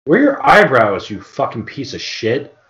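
A man's voice: medium pitch, huge pitch swings, moderate pace, fairly bright tone, echoey room, lo-fi sound. A man co-hosting a podcast, trading crude, mocking banter. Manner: profane, mocking, puts on silly voices. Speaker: podcast co-host.

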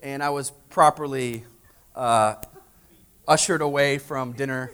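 A man preaching a sermon, telling a lively story and acting out family dialogue, then asking the congregation direct questions. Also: mid-range voice, measured pace, clean tone. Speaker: pastor.

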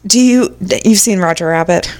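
A woman's voice: on the low side, normal speed. Woman reading spooky listener stories. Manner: animated, reacts with exclamations and swearing. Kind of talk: casual podcast chat.

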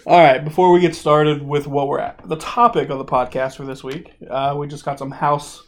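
A man's voice: a little high, little pitch movement, moderate pace. A man hosting a casual podcast, joking and rambling with fillers. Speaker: podcast host.

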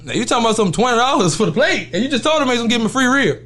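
A man's voice: extremely high pitch, racing. A man telling a story in casual banter, laughing often and acting out what others said. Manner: animated, laughing, acts out quotes.

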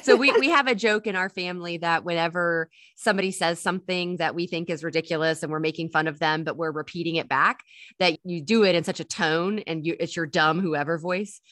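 A woman's voice: on the low side, a little fast, fairly bright tone, no room sound, clean studio sound. Chatty young woman hosting. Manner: giggly, chatty storytelling. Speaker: podcast co-host. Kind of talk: casual family podcast chat.

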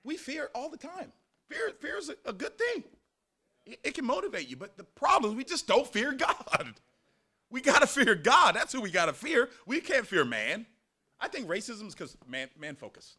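A man preaching a morning sermon, animated, with sarcastic asides and words repeated when he gets going. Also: very high voice, normal speed, slightly rough. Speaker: pastor.

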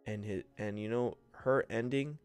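A man's voice: on the low side, steady tone, measured pace, darkish tone, smooth, soft background music. A young man hosting his own podcast, telling childhood stories in a loose, joking way, calling the listener bro and mimicking the people in his stories. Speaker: podcast host and content creator. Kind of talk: casual solo podcast storytelling.

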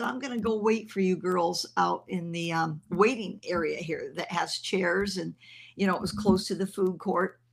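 Older woman, minister, earnest testimony, gravelly voice, husky edge. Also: lowish voice. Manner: conversational and earnest, with fillers. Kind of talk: testimony storytelling.

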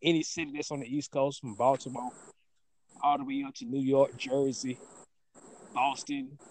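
A man chatting casually about rap and regional style, musing in a loose, drawn-out way and often asking "you know what I'm saying". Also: medium pitch, level tone, a little mellow, a little hiss or hum.

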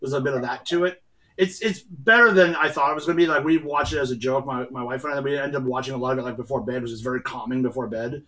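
Man, podcast co-host, rambling enthusiasm, rapid and bright. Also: mid-range voice, steady tone. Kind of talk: casual chat.

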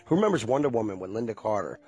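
Husky guy in his 40s rambling on, cussing, chill nostalgic chat. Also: on the low side, very animated, very fast, mellow, faint music behind. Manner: loose, nostalgic, swears freely.

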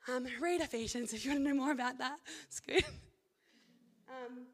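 A young woman, giving a casual devotional talk as a Christian university student, enthusiastic and animated in quick bursts. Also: high voice.

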